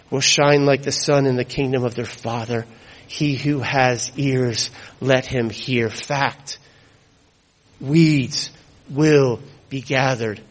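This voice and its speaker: A man preaching a sermon, emphatic, repeating key phrases and dropping to hushed tones for weight. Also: a little high, rough recording.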